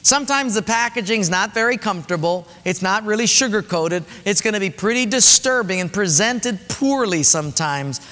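A male pastor preaching an emphatic sermon, repeating key phrases and dropping to quiet, slow emphasis. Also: high-pitched, lively intonation. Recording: long hall reverb.

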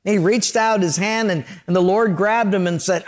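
This pastor's voice is high, and he preaches at normal speed with hardly any pauses. His sermon is full of stories, and he acts out voices and sound effects as he goes.

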